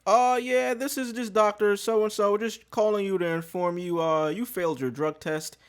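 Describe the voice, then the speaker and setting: A man voicing a calm male doctor on a phone call, formal and hesitant with fillers. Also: sits high, moderate pace, clean tone, pitched above the performer's own voice, close to an everyday voice. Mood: businesslike.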